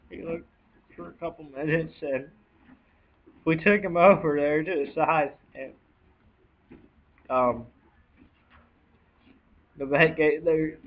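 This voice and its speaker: A young man telling a personal story on a home video, choked up and near tears, talking in halting bursts with sighs and restarts. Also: on the high side. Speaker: vlogger. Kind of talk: emotional personal account. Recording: dull lo-fi home video audio.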